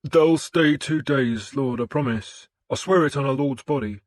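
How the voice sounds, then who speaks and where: A man's voice: mid-range voice, unhurried, no echo, pitched above the performer's own voice, natural voice. A man voicing a frightened town official who pleads desperately. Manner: desperate, eager to please. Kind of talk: audiobook character voice.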